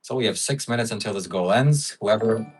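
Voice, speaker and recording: A man's voice: fairly low pitch, a little fast, slightly rough, distant mic, faint music behind, low-quality recording. A man hosting a livestream in casual chat, musing and rambling with frequent fillers. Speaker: livestream host.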